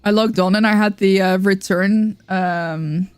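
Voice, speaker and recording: A woman's voice: mid-range voice, fairly even intonation, a little slow, smooth, no room sound. Chatty woman streamer, dry close sound. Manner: chatty, greets viewers, coos at her cat. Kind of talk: casual live-stream chat.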